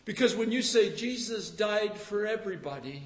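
A man preaching a sermon with fervent emphasis that builds to loud, emphatic peaks. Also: high-pitched, lively intonation, normal speed, big-room sound.

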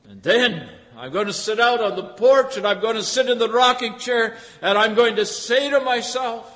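A smug, greedy rich farmer , put on by a preacher, gloats to himself in a high, raised voice. His self-satisfied musing rings out with a long hall reverb behind it. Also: moderate pace, pushed and bright. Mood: gloating.

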